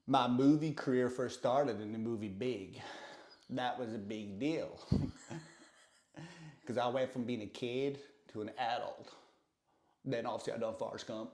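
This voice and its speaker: Man doing a soft American film star. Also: mid-range voice, reverberant, lightly acted. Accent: American impression. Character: mild friendly male film star, reminiscing.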